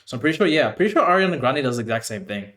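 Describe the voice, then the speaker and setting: A man's voice: mid-range voice, very animated, racing, fairly bright tone. A man giving casual, chatty reaction commentary on video clips, saying "bro" and "you know" a lot. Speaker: reaction host.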